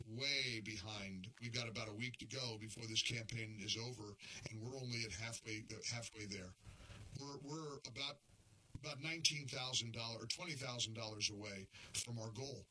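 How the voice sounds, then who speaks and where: An older man hosting a talk radio show, launching into impassioned rants that climb toward near shouts, then easing into folksy appeals to his listeners. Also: mid-range voice, moderate pace, poor audio.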